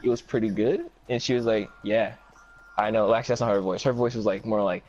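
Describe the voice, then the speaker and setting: A man with a somewhat low voice tells a rambling, profane story in relaxed, casual chat. He jumps between the story and quoted lines from the people in it, with a faint hiss behind him. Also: a little fast, muffled recording.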